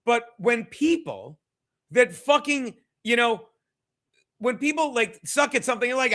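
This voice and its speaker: High-voiced man on a profane rant. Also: animated, measured pace, fairly bright tone. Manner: rambling, profane, combative, repeats himself. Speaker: stand-up comedian. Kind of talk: profane ranting stream commentary.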